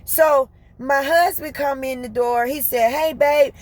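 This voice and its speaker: A woman telling a story to her viewers in casual, colloquial chat. She talks fast in bursts, is lively, and laughs often. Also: high-pitched. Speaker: vlogger.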